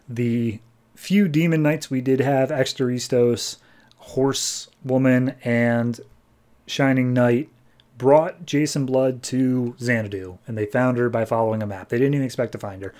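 A man with an average-pitched voice hosts a podcast and casually recaps comic book issues. He tells the stories animatedly and jumps into quick voices for the characters as he goes. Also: a little mellow. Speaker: podcast host.

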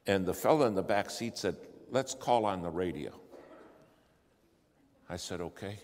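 A man telling a story in a sermon, acting out the dialogue and swinging from hushed asides to loud exclamations. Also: deep voice, animated, measured pace. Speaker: preacher telling a testimony. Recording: long hall reverb, faint ambience.

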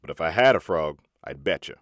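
A man reading a sly stranger who speaks slowly and deliberately. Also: rumbling low, animated, a bit bright, no room sound, studio quality, pitched below the performer's own voice. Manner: slow and deliberate.

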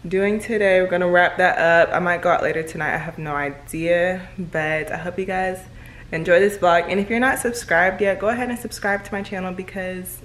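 A young woman vlogging to camera from her bedroom at home, chatting quickly and casually. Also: lowish voice, fairly even intonation, fairly bright tone, roomy sound. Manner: fast-talking, chatty. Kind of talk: casual vlog chat to camera.

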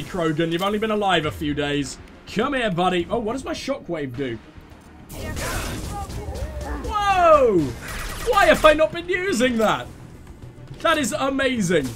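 A man commentating his own gameplay, excitable, swearing freely and giving orders to his teammates. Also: high voice. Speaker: let's play host.

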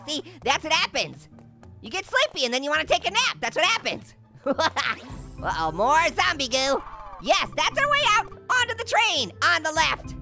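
A man's voice: bright, forceful tone, full character voice. A man voicing a hyper, wisecracking talking orange who tells puns and laughs at his own jokes while commentating a game. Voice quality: squeaky, high, gravelly edge. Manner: giggly, pun-telling, constantly laughing at own jokes. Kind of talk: gaming let's-play commentary.

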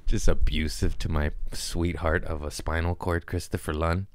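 A man's voice: deep voice, flat delivery, normal speed. A man hosting a podcast in casual chat, rambling and profane, mocking himself and laughing often. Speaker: podcast host.

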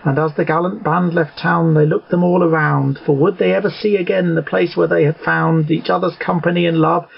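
A man's voice: fairly high pitch, fairly even intonation, fairly quick, vocal fry, hardly any pauses, slightly rough, highs cut off. A man reciting a rhyming epic storybook poem in a rhythmic, ballad-like way. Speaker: narrator.

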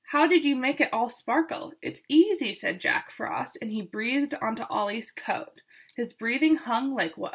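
A woman reading a picture book aloud to children, expressive and with asides to her listeners. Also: fairly high pitch, slightly rough. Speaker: storyteller.

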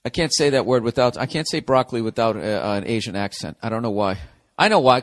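An American podcast host in his forties rambles through a casual solo monologue in a mid-range voice. It's packed with swearing and wisecracks.

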